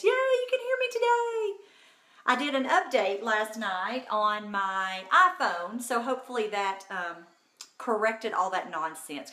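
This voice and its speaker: A woman's voice: fairly high pitch, sharp tone, reverberant. A woman hosting a casual live makeup tutorial from home, chatty and bubbly, talking to viewers by name. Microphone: phone.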